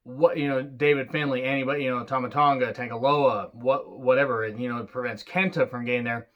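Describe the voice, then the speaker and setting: A man giving a casual solo wrestling review, excitable and rambling, swearing freely. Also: mid-range voice, fairly quick, muffled recording.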